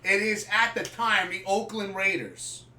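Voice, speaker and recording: A man hosting a live sports podcast, telling a story casually and animatedly, swearing freely and acting out scenes loudly. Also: sits high, a little slow, background noise. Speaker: podcast host. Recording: echoey room, far from the mic.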